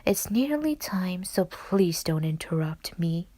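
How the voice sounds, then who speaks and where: A woman voicing a laid-back drunken male swordsman in a slow, hushed delivery for a storybook reading. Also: fairly low pitch, monotone, no echo, voice pushed down. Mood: calm.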